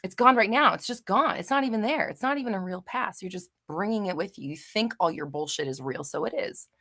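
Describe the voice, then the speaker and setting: A young woman hosts a live question-and-answer chat with a bright, forceful voice. She is expressive and loud by nature, curses casually and often pushes into passionate, shouty tirades. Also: mid-range voice, fairly quick. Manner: expressive, boisterous and loud, swears freely, bursts into shouty rants. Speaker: manifestation channel host.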